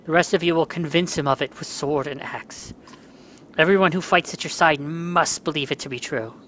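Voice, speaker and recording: A man's voice: on the high side, normal speed, fairly bright tone, slight background noise. A man playing a story game, reading each part's dialogue aloud in his own voice and cursing when the controls glitch. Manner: reads every part in his own voice, breaks into angry outbursts at glitches. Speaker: let's play gamer.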